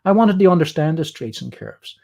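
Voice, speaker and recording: This Irish artist, a guest on a livestream, explains his drawing as he goes in a gravelly, warm voice that's a little high and a little fast, with big swings in pitch.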